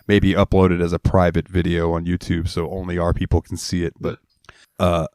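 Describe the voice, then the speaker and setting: A podcast co-host with a low voice talks a little fast, telling stories in casual, profane chat and animatedly acting out the voices of the people involved. The recording is dry and studio quality.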